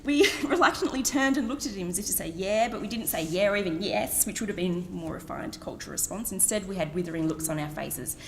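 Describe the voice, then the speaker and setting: A woman's voice: on the low side, fast talker, few pauses, slight background noise. Wry Australian woman reading in a hall. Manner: wry, self-mocking, laughs between phrases. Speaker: author. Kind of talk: reading her own blog aloud at a book event. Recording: long reverb in a hall.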